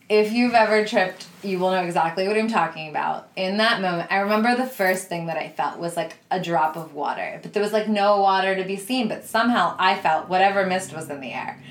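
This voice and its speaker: A woman's voice: medium pitch, moderate pace, a little hiss or hum. A woman podcast host telling a story in a casual way, laughing often and swearing freely. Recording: roomy echo.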